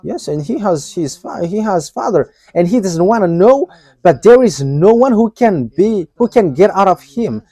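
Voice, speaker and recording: A man preaching a live sermon, halting, with many fillers and restarts and frequent chuckles. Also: high voice, expressive, mellow, slightly rough, no room sound.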